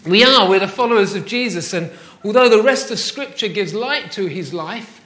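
A man's voice: high voice, fairly bright tone, echoey room. A male pastor giving a conversational sermon in a church, often asking the congregation rhetorical questions.

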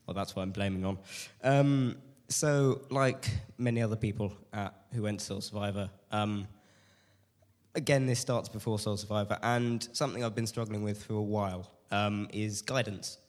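A man's voice: fairly low pitch, fairly even intonation, normal speed, big-room sound. A man in his late teens with a cold, giving a hesitant, self-deprecating personal testimony to a church group. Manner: nervous, self-deprecating, hesitant with many fillers. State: has a cold.

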